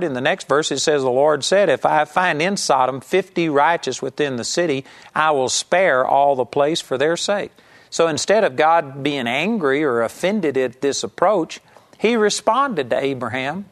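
A man's voice: on the high side, fairly bright tone. A man preaching a sermon, teaching earnestly and emphatically, and sometimes acting out the people in his story.

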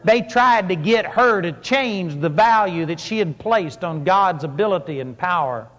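A man's voice: sits high, animated, a little slow, a bit bright. A man preaching a sermon to a congregation, telling stories with emphatic rises and punchy lines. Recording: long hall reverb, dull lo-fi sound.

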